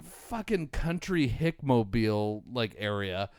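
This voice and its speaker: A man's voice: medium pitch, slow. A man in his forties telling a rambling, profane story to friends on a podcast, on a close mic. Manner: rambling, profane, animated anecdote teller. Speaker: podcast co-host. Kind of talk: casual storytelling among friends.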